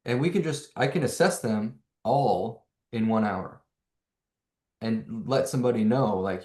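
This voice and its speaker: A man's voice: mid-range voice, lively intonation, measured pace, a little mellow, roomy sound. A man coaching on neurology, explaining with rhetorical questions and growing energy. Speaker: neuro coach presenting to hosts. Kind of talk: animated explanatory talk.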